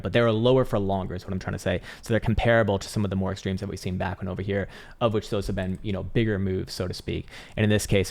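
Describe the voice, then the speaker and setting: A man's voice: low voice, vocal fry, a little mellow. A man hosting a casual crypto chart analysis, talking in a loose, rambling way with fillers and the odd swear. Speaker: crypto market analyst host.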